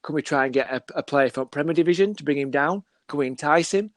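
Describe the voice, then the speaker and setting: A man's voice: on the high side, fast talker, no room sound. Chatty man telling stories. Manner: animated storyteller, acts out dialogue. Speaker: football scout, podcast guest. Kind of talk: casual chat.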